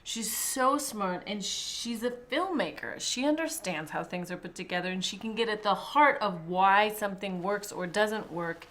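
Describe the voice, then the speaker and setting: Thirties woman director gushing at a press junket, bright tone, lots of restarts. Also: mid-range voice, normal speed, few pauses. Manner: animated, laughing, rambling restarts. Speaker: film director.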